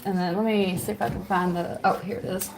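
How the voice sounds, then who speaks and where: A woman's voice: medium pitch, steady tone, quick pace, noisy background. A woman hosting a livestream from home, chatting casually, reading viewer comments aloud and laughing often. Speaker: livestream host.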